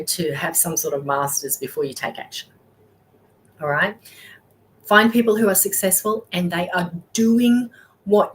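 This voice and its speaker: Encouraging woman coach, low-pitched voice. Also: a little hiss or hum, rough recording. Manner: encouraging, repeats "okay?" and "all right?". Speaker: wealth mindset coach and host. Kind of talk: live motivational talk.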